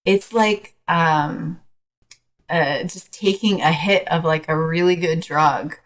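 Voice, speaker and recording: A woman coach as a podcast guest, talking frankly in a casual, hesitant way with many pauses. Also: low voice, fairly even intonation, rough recording. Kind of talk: casual interview chat.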